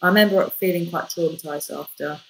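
A woman, a podcast guest, telling a personal story in a lively, jokey way. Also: fairly low pitch, fairly quick, a little hiss or hum, rough recording. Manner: lively, jokey, animated retelling. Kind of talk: casual storytelling.

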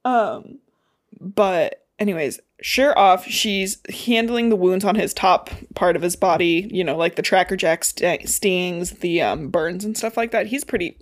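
A woman's voice: fairly low pitch, a little slow. A woman co-hosting a podcast, casually recapping a book chapter with lots of fillers and swearing. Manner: chatty, swears freely, lots of "like" and "um".

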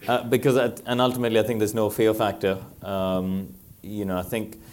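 On a live panel, a middle-aged former racing driver tells anecdotes with animated energy, laughing often. His voice is fairly low, and he talks a little fast.

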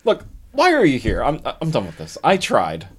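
A woman's voice: low-pitched, wildly swooping pitch, normal speed, darkish tone, husky, pitched below the performer's own voice, exaggerated voice. A woman voicing an adventurer who abandoned her party and now defends herself wearily. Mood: defensive. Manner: defensive, weary.

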